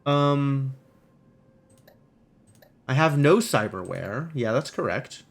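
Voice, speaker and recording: A man's voice: medium pitch, lively intonation, slow pace, gravelly. A man streaming a game, reading its text aloud and adding wry, musing asides.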